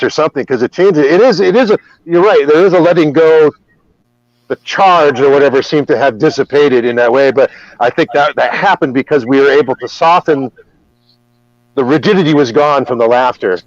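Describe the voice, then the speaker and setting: A man's voice: fairly high pitch, fairly quick, no room sound. A man hosting a podcast who tells a personal story in rambling casual talk, full of restarts and swearing. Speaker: podcast host. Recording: dull, lo-fi podcast audio.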